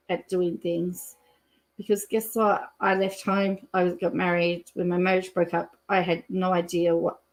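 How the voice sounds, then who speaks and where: A woman's voice: lowish voice, a little mellow. A middle-aged woman with an Australian accent hosting a casual live stream, chatting and reading out viewer comments. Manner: chatty, reads out viewer comments, thinks aloud with fillers. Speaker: YouTube live-stream host.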